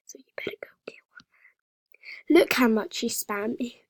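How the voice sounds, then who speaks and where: A woman's voice: on the high side, flat delivery, moderate pace, no room sound. A woman chatting casually over a gaming video, dramatic and teasing, often dropping into a half-whisper. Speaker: vlogger. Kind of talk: casual gaming vlog commentary.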